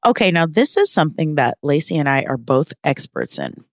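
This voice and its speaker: A woman's voice: deep voice, wildly swooping pitch, moderate pace, dry recording, clean studio sound. A woman co-hosting a podcast in casual chat, playful and bossy, swearing casually. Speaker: podcast co-host. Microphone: studio microphone.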